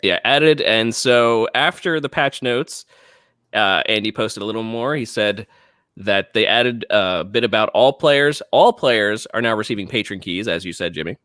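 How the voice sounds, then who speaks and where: A man's voice: on the low side, a little slow, a bit bright, no room sound, studio quality. A man co-hosting a casual gaming podcast, reading patch notes aloud and chatting with frequent restarts. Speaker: podcast co-host.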